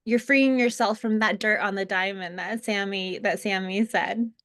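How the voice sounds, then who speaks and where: A woman's voice: mid-range voice, steady tone, moderate pace, a bit bright. A woman co-hosting a spiritual lesson, talking earnestly in a casual way with fillers and restarts. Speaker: co-host teaching a spiritual lesson. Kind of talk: casual spoken teaching.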